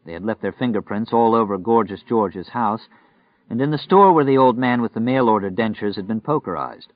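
A man reading a novel aloud in steady, measured scripted narration. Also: on the low side, dry recording. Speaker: audiobook narrator. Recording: dry, muffled recording.

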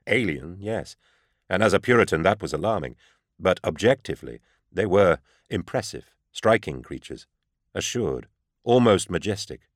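A man reading a first-person story aloud in a grave, measured storytelling manner. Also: low-pitched, expressive, no echo, clean studio sound. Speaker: audiobook narrator. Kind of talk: first-person scripted narration.

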